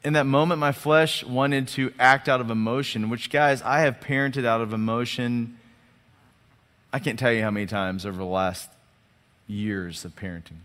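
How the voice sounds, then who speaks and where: A man preaching a sermon as a lively storyteller who acts out the dialogue and often restarts and repeats his words. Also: medium pitch, normal speed. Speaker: pastor. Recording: long hall reverb.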